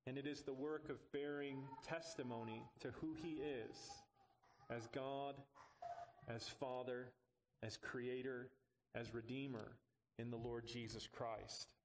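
A man's voice: mid-range voice, steady tone, unhurried, slight background noise. A man preaching a sermon as pastor, earnest with touches of light humor, building to emphatic rises on key phrases.

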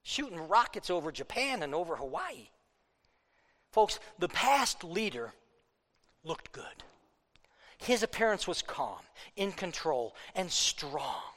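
A man preaching a fiery political sermon, worked up, swinging between loud outbursts and low asides. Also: very animated, slow pace, long pauses, in a large hall.

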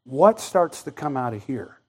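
A man preaching a sermon as a story, animated, swinging between loud outbursts and hushed, quiet passages. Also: mid-range voice, a little slow, husky.

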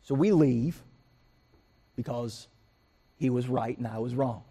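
A pastor preaches a sermon built on everyday stories, animatedly acting out the people in them, quoting their voices and ranting. His mid-range voice is husky and slow.

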